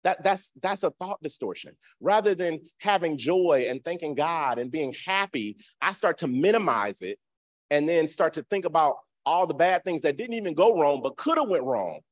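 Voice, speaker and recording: A man giving a casual teaching talk in a colloquial, conversational way, acting out the voices he quotes. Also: moderate pace. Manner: animated, acts out quoted voices with big pitch swings.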